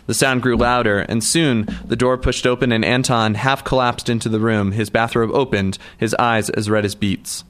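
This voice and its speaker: A man reading a novel aloud in a measured storytelling manner. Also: medium pitch, fairly even intonation, fairly bright tone. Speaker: audiobook narrator. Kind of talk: scripted narration.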